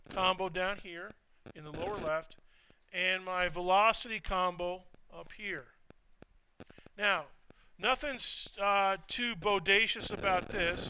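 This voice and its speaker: A man's voice: sits high, sharp tone, a little hiss or hum, rough recording. A man lecturing a physics class, walking students through a drawing step by step and quizzing them. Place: lecture hall.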